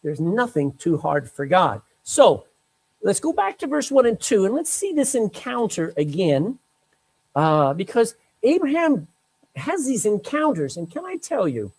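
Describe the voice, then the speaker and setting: A man's voice: high voice, very animated, unhurried, a little mellow, slightly rough, poor audio. A man preaching a sermon, reading scripture aloud and breaking in with emphatic, chatty asides. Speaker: pastor.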